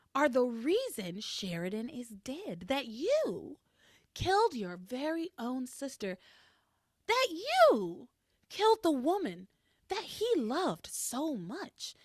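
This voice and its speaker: A woman's voice: high-pitched, no room sound, studio quality, full character voice. Scheming society blackmailer, as a woman puts her on. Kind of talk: recap re-enactment.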